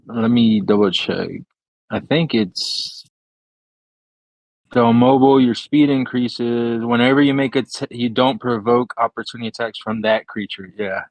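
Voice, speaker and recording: A man's voice: mid-range voice, a little slow, no echo, low-quality recording. A man playing a tabletop game, chatting casually and checking rules aloud. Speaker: player.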